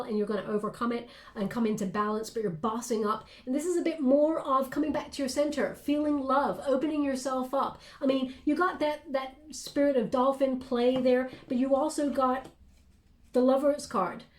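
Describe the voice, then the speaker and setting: A woman with a fairly high voice gives a casual tarot reading straight to camera. She talks in an encouraging, reassuring way, stopping often with fillers and starting sentences over. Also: steady tone, a little fast. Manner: warm, encouraging, many fillers and restarts. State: briefly emotional. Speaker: tarot reader.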